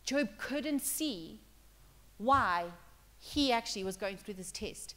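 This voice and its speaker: A woman's voice: fairly high pitch, animated, slow, fairly bright tone, in a large hall. A woman preaching a sermon in church, talking conversationally and building to emphatic points. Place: church hall.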